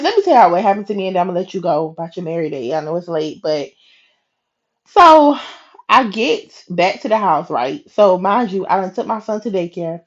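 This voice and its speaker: A woman hosting a faith podcast, telling a personal story in a lively, chatty way and acting out the lines of each person in it. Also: medium pitch, muffled recording. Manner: animated, acts out her own and others' quoted lines; casual and chatty, talks straight to listeners. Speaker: podcast host.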